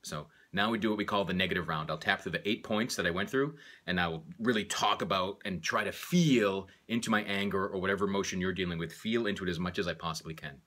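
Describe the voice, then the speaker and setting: Low-voiced man guiding a tapping session. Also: quick pace, few pauses. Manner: relaxed, speaks affirmations aloud while tapping. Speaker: tapping instructor. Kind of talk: guided tapping demonstration.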